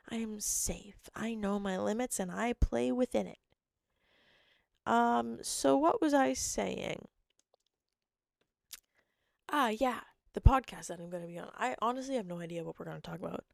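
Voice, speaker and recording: A young woman hosting her own podcast, hoarse and rambling, jumping between thoughts and cutting herself off. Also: mid-range voice, moderate pace, pauses often, dry recording, clean studio sound. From Canada. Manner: rambling, jumpy, self-interrupting. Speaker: podcast host. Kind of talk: casual solo chat.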